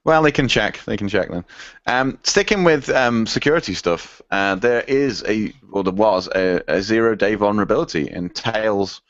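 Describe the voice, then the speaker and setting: Man, lowish voice, hesitant podcast co-host, dry lo-fi sound. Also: moderate pace, dry recording. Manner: rambling, hesitant, lots of ums. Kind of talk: casual tech podcast chat.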